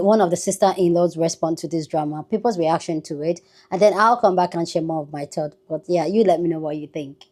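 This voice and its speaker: Woman hosting a casual reaction chat, lower voice. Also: warm tone. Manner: chatty, loose, reacting to clips. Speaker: reaction video host. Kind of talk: casual commentary.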